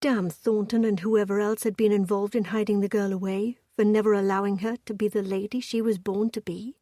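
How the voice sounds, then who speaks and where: Mellow woman narrating a romance. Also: mid-range voice, flat delivery, fairly quick, no echo, clean studio sound. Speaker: audiobook narrator.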